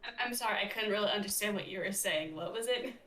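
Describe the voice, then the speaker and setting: A woman's voice: mid-range voice, fast, sharp tone. A woman playing a tabletop game who tells things in long rambling chains. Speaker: player. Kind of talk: casual tabletop game chat. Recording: echoey room with faint noise.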